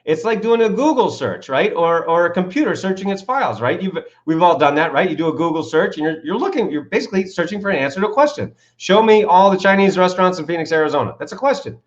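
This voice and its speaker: An enthusiastic man being interviewed, with a slightly high voice. He tells animated stories and asks rhetorical questions. The audio is dull and lo-fi, like a call recording. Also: fast talker, few pauses. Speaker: author and coach, interview guest.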